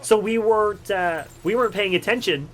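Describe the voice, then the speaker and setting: A man's voice: high-pitched, moderate pace, fairly bright tone, poor audio. Chatty young man rambling over gameplay. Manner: rambling and chatty, laughs often. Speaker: gaming channel host. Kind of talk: game commentary with personal stories.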